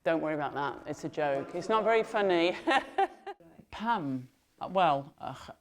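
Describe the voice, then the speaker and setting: A woman who tutors Welsh, saying words slowly and patiently and asking learners to repeat them back. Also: low-pitched, animated, long reverb tail. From England. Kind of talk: teaching Welsh pronunciation to learners.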